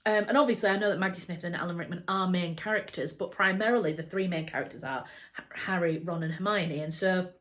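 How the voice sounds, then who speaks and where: A woman's voice: on the low side, fast talker, fairly bright tone. A woman from England chatting enthusiastically to camera about a book adaptation, with frequent fillers and restarts. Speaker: book vlogger. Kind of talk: casual chat to camera.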